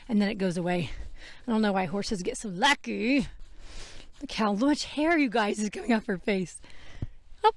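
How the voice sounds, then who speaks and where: This woman, a horse trainer who hosts a podcast, chats while brushing her horse outside, rambling, fixing her own mistakes, and laughing at them. Her voice is a little high, picked up by a wearable microphone with no room sound.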